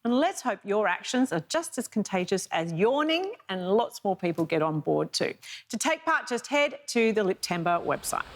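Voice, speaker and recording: A woman's voice: mid-range voice, sing-song, moderate pace. An Australian woman co-hosting a TV lifestyle show in chatty, light banter, laughing easily. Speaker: TV co-host.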